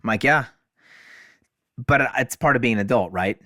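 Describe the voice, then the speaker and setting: A man, a podcast guest, telling stories in a casual, animated way, often saying "like" and acting out dialogue. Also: on the low side, fast talker, no room sound, clean studio sound. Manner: animated, fills speech with "like", acts out dialogue. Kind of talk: casual storytelling.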